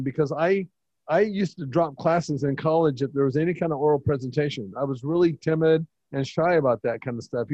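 Male host, slightly higher voice, conversational, dry close recording. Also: dark tone, no room sound, highs cut off. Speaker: host, interviewer. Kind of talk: casual interview chat.

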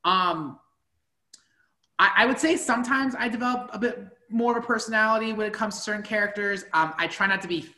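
A man in his late twenties, an outgoing cosplayer chatting excitedly as a guest in an interview. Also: high voice, a little fast. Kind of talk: casual interview chat. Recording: echoey room.

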